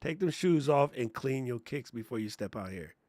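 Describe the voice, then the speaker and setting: A man's voice: mid-range voice, expressive, normal speed, a little mellow, no echo, voice pushed down, natural voice. Man doing a stern scolding woman friend.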